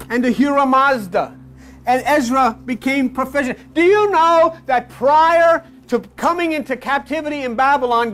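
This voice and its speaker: A man's voice: very high-pitched, a bit bright. A man delivering an impassioned, mocking monologue, breaking into snatches of song and imitating other people. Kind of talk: animated monologue.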